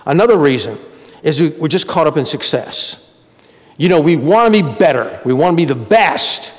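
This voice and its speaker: A man preaching a sermon as pastor, talking to the congregation as if in conversation. His voice sits a little high and leaps up for emphasis, then sinks low and quiet. It rings with the long reverb of a church sanctuary. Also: lively intonation, moderate pace. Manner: conversational preaching with sudden emphatic rises and drops.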